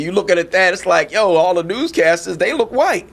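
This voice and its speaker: A man hosting a talk show, chatting in an animated way and often checking in with "you know what I'm saying". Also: high voice, brisk, gravelly. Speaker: podcast host. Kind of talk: casual chat.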